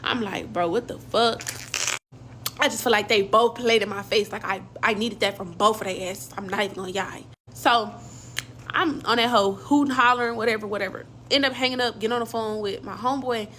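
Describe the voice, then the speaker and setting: Young woman, slangy storytime vlog, animated retelling, faint background hiss. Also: mid-range voice, fairly quick. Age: young adult.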